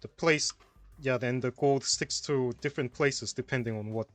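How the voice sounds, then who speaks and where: A man's voice: mid-range voice, moderate pace, no echo, faint music behind. A man co-commentating on a tournament stream, explaining puzzle mechanics in a hesitant way with restarts and fillers. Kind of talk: casual puzzle-solution commentary.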